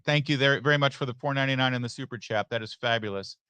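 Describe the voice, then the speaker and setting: A man's voice: mid-range voice, quick pace, clear, resonant tone, no room sound. A middle-aged man hosting a live election night stream, reading viewer messages in a chatty, joking way with many asides. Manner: chatty, joking asides, lively ups and downs. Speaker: host. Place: election watch party venue.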